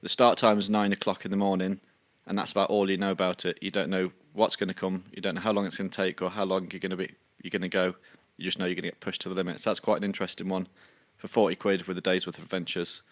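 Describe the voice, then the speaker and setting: Very deep, flat-voiced British man. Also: quick pace, hardly any pauses. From United Kingdom. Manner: steady, matter-of-fact, with many ums. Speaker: podcast co-host. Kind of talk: casual news roundup.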